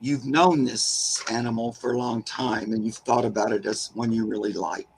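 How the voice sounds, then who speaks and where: A man working as a spirit medium, chatting casually and telling animated stories. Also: mid-range voice, normal speed, vocal fry, a little hiss or hum, low-quality recording. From Southern California. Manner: chatty storyteller, warm and animated about animals. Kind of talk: casual chat.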